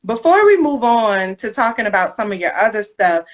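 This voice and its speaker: A woman hosting a live podcast chat, talking in a chatty, animated way and laughing often. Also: mid-range voice, moderate pace. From United States. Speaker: podcast host. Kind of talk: casual live interview chat. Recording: dull lo-fi livestream audio.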